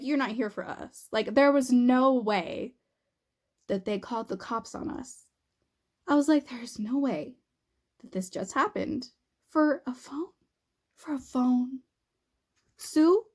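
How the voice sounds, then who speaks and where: A young woman vlogger chatting through a funny story while doing her makeup, acting out what people said and laughing often. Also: on the high side. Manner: animated, laughing, acts out quotes. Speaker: beauty vlogger.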